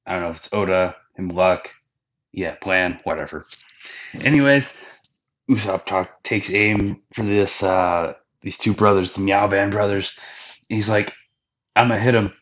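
A man's voice: sits low, measured pace, a bit bright, muffled recording. A man hosting a podcast, giving a loose, slangy recap of anime episodes with plenty of fillers and swearing. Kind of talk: casual recap chat.

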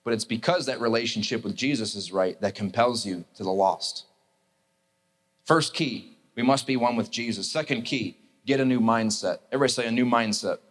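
A man's voice: mid-range voice, normal speed. A male pastor preaching a sermon, telling a story with animation and acting out the characters.

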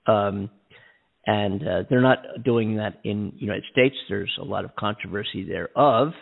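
A man's voice: on the low side, moderate pace, vocal fry, husky. A man co-hosting a casual call-in talk show, rambling with many restarts and fillers. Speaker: co-host. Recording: phone line.

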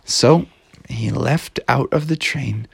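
A man improvising a playful bedtime story, slipping into silly high voices for his excitable prankster hero. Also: slow pace, vocal fry, husky, dry recording.

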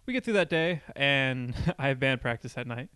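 Smooth-voiced young man telling a story. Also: medium pitch, expressive, normal speed, pushed and bright, dry recording. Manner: rambling, heavy on filler "like". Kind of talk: casual anecdote telling.

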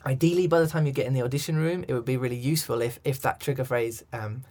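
A man's voice: mid-range voice, fairly even intonation, fast, darkish tone. A man, a coach and director, talking through ideas in an interview, thoughtful with many restarts. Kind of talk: interview conversation.

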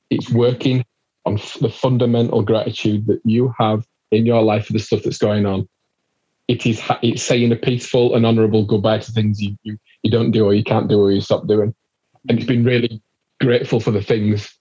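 A man with a husky, mellow voice talks in an animated, encouraging way and swears casually. The recording sounds dull and lo-fi. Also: mid-range voice. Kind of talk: casual conversation.

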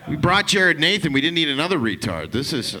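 A man's voice: on the high side, big pitch swings, brisk, heavy background noise. A young man doing a stand-up set on a club stage with a handheld mic. He talks loose and profane, riffs with the crowd, and slips into mocking voices. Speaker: stand-up comedian.

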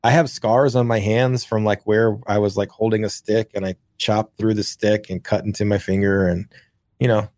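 A man with a lowish voice tells rambling childhood stories, swearing freely and getting animated as the tale builds. He talks into a close podcast mic with a very dry sound, no room around him. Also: moderate pace, dry recording. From grew up in the countryside. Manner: rambling, profane, animated storyteller. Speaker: podcast co-host. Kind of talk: casual storytelling chat.

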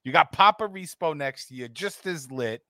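A man's voice: on the high side, lively intonation, moderate pace, bright, forceful tone, no echo. A man in a casual podcast chat who sets up his co-host's story with short, laid-back prompts and keeps laughing along. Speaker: podcast co-host.

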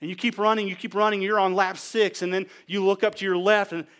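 Emphatic preaching man, swings loud to soft. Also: level tone, fast. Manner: emphatic, rising to near shouts then dropping low; rhetorical questions to the congregation. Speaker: pastor. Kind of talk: sermon.

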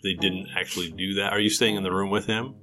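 A man's voice: sits low, fairly even intonation, fast, bright, forceful tone, faint music behind. A man narrating as game master in a tabletop game, casual with laughing asides.

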